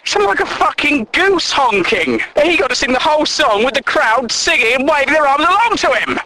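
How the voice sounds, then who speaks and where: A man's voice: very high-pitched, sing-song, moderate pace, pushed and bright, low-quality recording. A man hosting a comedy show, ranting sarcastically and swearing a lot. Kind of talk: stand-up rant.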